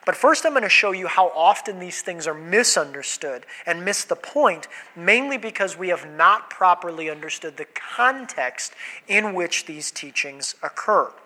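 A man in his thirties, a pastor preaching a sermon and telling a family story in a lively, storytelling way. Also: fairly high pitch, poor audio. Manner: storytelling, animated, laughs while telling.

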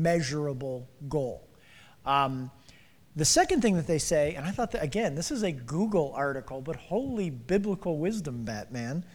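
A man in his forties preaching an interactive sermon, joking with the congregation and calling on people by name. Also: fairly high pitch. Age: 40s. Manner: playful, calls on the congregation by name. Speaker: pastor. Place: church sanctuary. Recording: reverberant hall.

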